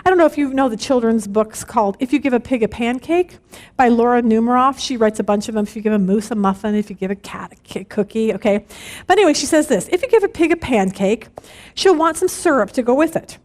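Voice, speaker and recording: A woman's voice: fairly high pitch, quick pace. A middle-aged woman teaching a women's Bible study, telling personal stories and checking in with her listeners with a frequent "okay?". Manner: animated, storytelling with frequent "okay?" check-ins.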